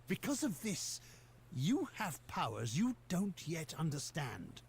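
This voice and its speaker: A voice actor playing a calm mentor in a game who probes the hero about their gloom-made body. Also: medium pitch, slow pace, vocal fry, husky, exaggerated voice. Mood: probing.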